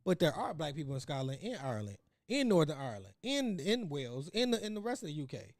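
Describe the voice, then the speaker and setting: A man's voice: fairly high pitch, big pitch swings, fast, no echo, studio quality. A man with a Chicago West Side accent, co-hosting a casual podcast chat, rambling with many restarts and laughing through his stories. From Chicago, USA. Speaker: podcast co-host.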